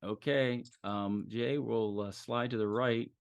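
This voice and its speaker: A man's voice: mid-range voice, fairly even intonation, slow pace, gravelly, clean tone, no echo. A man running a tabletop role-play session as game master, narrating in a loose, easygoing way with plenty of fillers.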